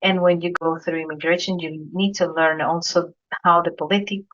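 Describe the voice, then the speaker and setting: With a steady, fairly bright, lowish voice at a moderate pace, a Spanish-accented Colombian woman hosts a casual podcast interview. She tells her anecdotes in an earnest way and often repeats words while reaching for them, on a dull lo-fi recording.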